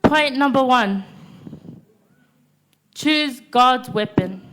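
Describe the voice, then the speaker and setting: There's slight background noise as a teenage girl with a high, fairly bright voice delivers a sermon to young churchgoers. She states short points one after another and stops after most of them to ask "Amen?"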